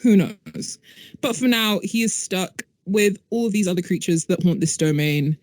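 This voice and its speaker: A woman game master narrates a spooky tabletop scene despite a sore throat. She speaks low-key, with frequent fillers, at a middle pitch. The sound is dry and close. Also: normal speed, a little mellow, dry recording.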